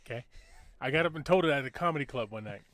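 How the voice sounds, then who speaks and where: A man's voice: medium pitch, lively intonation, racing, noisy background. A man hosting a casual talk show, telling a crude joke with lots of swearing and restarts. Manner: profane, rambling, restarts a lot. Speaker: podcast host.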